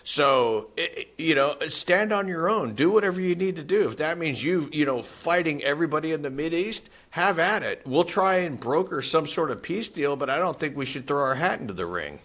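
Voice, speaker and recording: A man with a slightly raised pitch talks through politics on a podcast, doubtful and wandering. He restarts his sentences often as he thinks aloud. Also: animated, fairly quick, few pauses, a bit bright. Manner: skeptical, rambling with restarts. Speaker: podcast co-host. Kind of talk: casual political chat.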